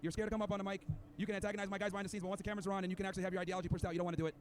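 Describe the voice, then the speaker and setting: A man's voice: high-pitched, level tone, racing, slight background noise. A man hosting a podcast, arguing in a combative, lecturing way and hurling insults at an opponent. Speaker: podcast host. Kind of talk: heated debate clip.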